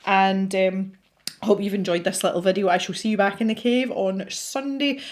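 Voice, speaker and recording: A woman's voice: medium pitch, steady tone, normal speed, slight background noise. A Scottish woman hosting a colouring channel, chatting casually and rambling with lots of fillers as she works. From Scotland. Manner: chatty and rambling, frequent fillers and self-talk. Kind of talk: casual chat while colouring.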